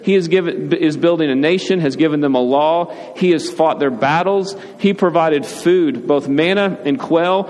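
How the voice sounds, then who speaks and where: Preaching man in a reverberant hall. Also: a little high. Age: adult, father. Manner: conversational, animated preaching with frequent "right?". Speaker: pastor. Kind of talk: sermon. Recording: reverberant hall with faint ambient noise.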